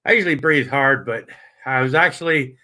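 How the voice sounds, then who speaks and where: A man hosting a casual late-night livestream, rambling and swearing as he greets viewers by name, with lots of halting fillers. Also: medium pitch, bright, forceful tone. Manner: halting, many fillers and restarts. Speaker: livestream host.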